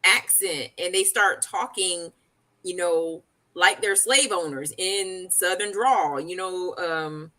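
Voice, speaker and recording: A woman co-hosting a live chat show, talking in a relaxed way with plenty of fillers. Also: lowish voice, slow pace. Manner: relaxed, laughing, loose with fillers. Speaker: co-host. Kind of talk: casual chat.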